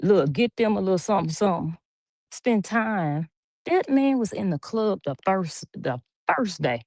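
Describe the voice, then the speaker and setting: A woman's voice: medium pitch, very animated, unhurried, a little mellow, no room sound. Chatty Louisiana woman with dry sound. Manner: chatty, gossipy, laughs often. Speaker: livestream host. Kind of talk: casual live chat reading comments. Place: home.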